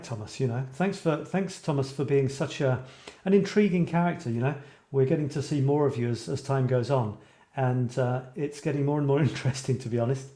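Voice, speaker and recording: A man's voice: mid-range voice, mellow, reverberant. A middle-aged man from Scotland hosting a creative writing show, chatting casually and rambling as he answers viewers. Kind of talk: casual live-stream chat.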